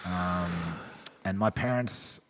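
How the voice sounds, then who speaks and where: A man's voice: low-pitched, takes it slowly, fairly bright tone, big-room sound. A man in his thirties, a podcast guest telling his story in a candid, rambling way, swearing freely and restarting his sentences. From Australia. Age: 30s. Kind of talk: casual storytelling chat.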